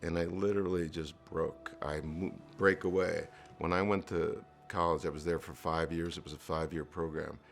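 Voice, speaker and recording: A man's voice: sits low, level tone, normal speed, creaky, hardly any pauses, faint music behind. A middle-aged man from New Jersey telling his life story in an earnest interview, with fillers and restarts. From New Jersey, USA. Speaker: entrepreneur guest.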